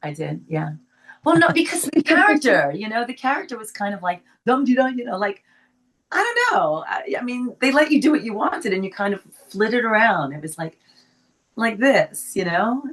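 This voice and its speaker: An older actress from the Bronx with a faint New York accent, telling stories in a casual interview and laughing often. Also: female voice, medium pitch, normal speed. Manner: animated storyteller, laughs often. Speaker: actress guest.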